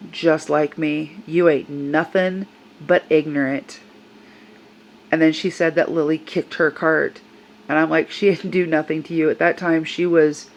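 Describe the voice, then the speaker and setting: A woman's voice: low-pitched, poor audio. An older woman tells a personal story in a vlog, earnest and upset as she recounts what happened. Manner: upset, earnest retelling with quoted voices. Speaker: service dog handler.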